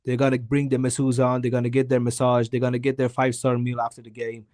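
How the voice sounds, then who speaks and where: A man's voice: mid-range voice, completely flat delivery, fast talker, darkish tone, no echo, studio quality. A man giving a heated football opinion on a live stream, weary and emphatic, repeating himself for stress. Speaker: guest co-host.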